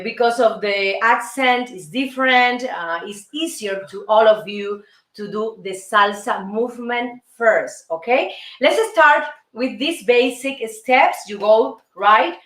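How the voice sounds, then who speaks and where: A woman's voice: mid-range voice, fairly bright tone. A Cuban woman, a native Spanish speaker, hosting a show and teaching salsa steps in accented English, counting beats aloud in a playful, encouraging way. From Cuba. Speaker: dance instructor and show host. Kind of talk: dance lesson. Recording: roomy, distant mic, faint music.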